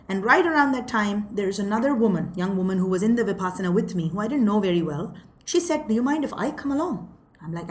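A woman telling a personal story in a casual, animated way. She acts out the quoted lines and often says "you know". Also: mid-range voice. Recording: roomy echo with faint ambient noise.

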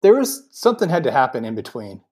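Podcast co-host, husky voice, animated pitch, quick jokey comments. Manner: jokey asides, laughs a lot, mimics characters. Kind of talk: casual movie recap chat.

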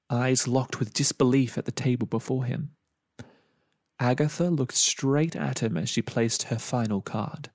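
A man's voice: medium pitch, a little slow, a little mellow, no echo, studio quality. A man narrating a story he wrote, reading expressively with dramatic emphasis.

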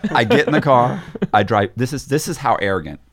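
A man guest in an interview, telling a story with animated, quick run-on phrasing. He acts out the people he quotes with sudden jumps in pitch. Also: a crowd in the background. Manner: rapid, repetitive run-on phrasing with frequent restarts. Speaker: podcast guest.

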